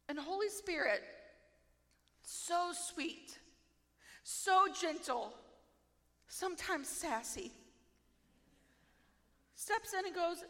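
Woman preaching her story, slow and heartfelt, echoey hall. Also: very high voice, expressive, a bit bright. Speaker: speaker sharing testimony. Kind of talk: emotional testimony sermon. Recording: echoey hall with long reverb.

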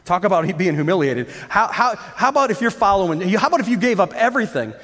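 A man with a high voice preaches a sermon, pressing his points through repetition and rhetorical questions. His voice rings out with the long reverb of a large church hall. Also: big pitch swings, fast talker, fairly bright tone. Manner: impassioned preaching with repeated phrases and rhetorical questions. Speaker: pastor.

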